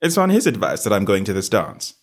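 Man doing a timid young gentleman, flat toneless delivery, husky voice, lively pitch underneath. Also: fairly quick. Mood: meek. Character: shy, nervous young English gentleman.

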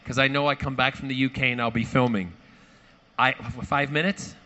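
A man telling a lively anecdote to a live audience, theatrical and acting out quoted voices. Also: mid-range voice, brisk, muffled recording. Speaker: actor at a fan panel.

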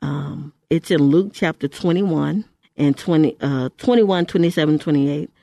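A woman's voice: low-pitched, measured pace, vocal fry, warm tone, no echo. An older woman hosting Christian radio from a studio mic, her voice dry and close. She is from Houston and speaks with emphatic exhortation, doubling back on phrases to drive them home. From Houston, Texas. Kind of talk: radio ministry talk.

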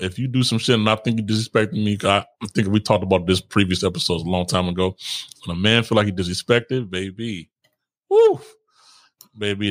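Podcast co-host, male, low voice, dry close sound, laughs a lot, casual slang. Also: no echo. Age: adult, older than co-host. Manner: laughs often, slangy and repetitive. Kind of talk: casual relationship chat.

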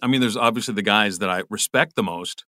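A man's voice: lowish voice, fast, bright, forceful tone, dry recording, studio quality. A middle-aged man, a voice actor being interviewed, talking casually and rambling with lots of restarts. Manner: rambling, many restarts and repeated words. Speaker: voice actor guest.

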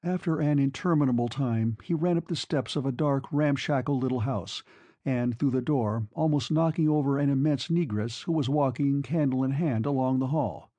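This is scripted audiobook narration of a classic novel, read by a man at a steady, measured pace. His voice sits in the mid-range, and the recording carries no room sound.

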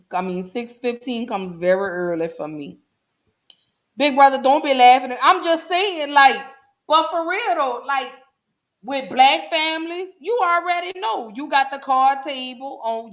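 A woman hosting a casual solo podcast, chatting folksily with her listeners. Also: mid-range voice. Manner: chatty, folksy, addresses listeners as y'all and baby. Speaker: podcast host.

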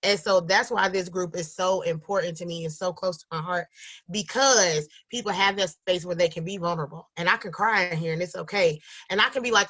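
A woman's voice: medium pitch, lively intonation, a little fast, sharp tone. A young adult woman, a single mother who runs a support group, talking earnestly and emotionally in a casual conversation, close to tears at times.

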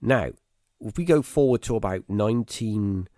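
Low-voiced man, rambling storyteller. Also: animated, a little mellow, no room sound, clean studio sound. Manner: rambling, halting with fillers and restarts. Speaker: podcast guest. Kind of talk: casual storytelling.

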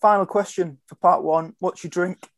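A man's voice: high-pitched, steady tone, normal speed. A man hosting a casual podcast chat, asking questions and teasing his guests. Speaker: podcast host.

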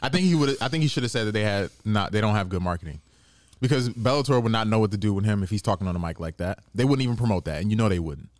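A man co-hosting a podcast in a laid-back, teasing way, laughing often. His voice sits a little low, and it sounds dry and close on a studio mic. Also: animated, racing, no room sound. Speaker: podcast co-host. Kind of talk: casual chat.

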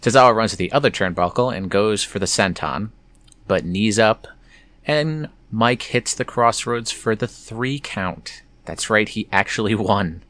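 A man's voice: lowish voice, unhurried, a bit bright, no echo. A man hosting a casual play-by-play recap of a wrestling show, slipping in wry, sarcastic asides.

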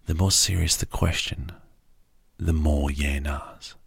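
Deep gravelly Australian man, half-whispering. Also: steady tone, no room sound. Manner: slow, drifting, often half-whispered. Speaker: sleep podcast host. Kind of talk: soft-spoken sleep podcast talk.

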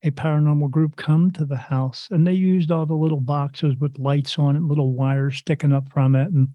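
A man with a slightly high voice tells a long personal story as an interview guest. He rambles, acts out the dialogue and throws in little sound effects as he goes. The recording is dry and dull, like lo-fi audio. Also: fairly even intonation, moderate pace, no room sound. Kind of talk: casual storytelling.

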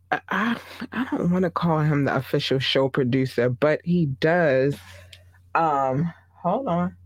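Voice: mid-range voice, no echo. A podcast host with a Baltimore accent, chatting casually and rambling through asides, corrections and fillers.

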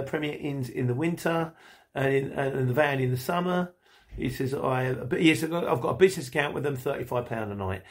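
A man from England who drives vans, chatting casually to camera as he answers viewer comments, rambling along with lots of fillers and restarts. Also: medium pitch.

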